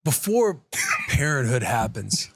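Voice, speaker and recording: A man hosting a podcast, telling a rambling, animated story in casual chat. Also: mid-range voice, slow, creaky, no echo, clean studio sound. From United States. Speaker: podcast host.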